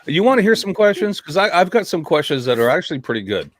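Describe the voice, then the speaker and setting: A man hosting a casual podcast from a remote call, telling stories in an animated, joking way with some cussing. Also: fairly high pitch, quick pace. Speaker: podcast host. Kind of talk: casual chat. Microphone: remote call mic.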